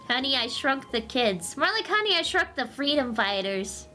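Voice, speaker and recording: A woman's voice: high voice, sing-song, moderate pace, hardly any pauses, bright, forceful tone, faint music behind. A woman reading comic books aloud on a live stream, switching into character voices and joking between panels.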